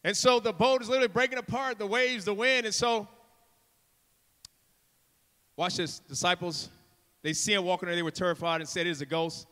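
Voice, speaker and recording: High-voiced, impassioned male preacher. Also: fast talker. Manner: impassioned and theatrical, acts out the story with shouts; urges the congregation with repeated calls. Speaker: guest preacher. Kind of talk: sermon. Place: church sanctuary. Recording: long reverb of a church hall.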